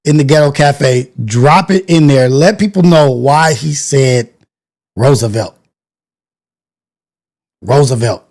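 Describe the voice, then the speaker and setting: Rambling, higher-voiced male stream host. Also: measured pace, a little mellow. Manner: rambling, thinks aloud, self-correcting. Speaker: live-stream show host. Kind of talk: casual live-stream chat.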